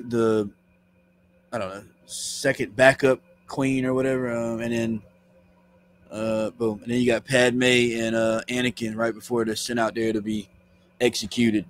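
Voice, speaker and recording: A man reading comics aloud on a live stream, casual and halting, stumbling over words and stopping to comment. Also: mid-range voice, a bit bright.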